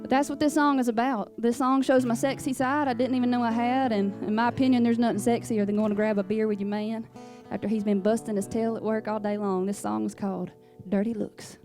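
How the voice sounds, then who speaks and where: A young Louisiana country singer with a thick Southern accent tells folksy, sassy, down-home stories between songs in a radio station's performance studio. Her voice is on the high side and fairly even, a little fast with hardly any pauses, and music plays behind her.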